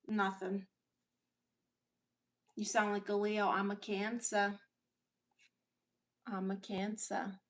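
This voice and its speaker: A woman's voice: medium pitch, completely flat delivery, slow pace, pauses often. A woman from Brooklyn with a Brooklyn accent, hosting a casual livestream and answering viewer comments in a blunt, sassy, unapologetic way. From Brooklyn, New York. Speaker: livestream host.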